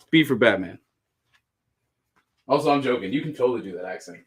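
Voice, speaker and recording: A man's voice: mid-range voice, expressive, moderate pace, slight background noise. Southern guy hosting a live sale, jokey, chatty. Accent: Southern American. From American South. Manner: joking, chatty, reads out items. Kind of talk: casual live sales chat.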